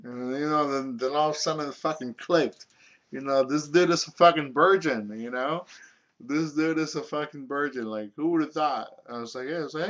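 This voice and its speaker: A man's voice: medium pitch, a little fast, fairly bright tone. A young man telling a story from his own life in a rambling, casual way, full of filler words and swearing.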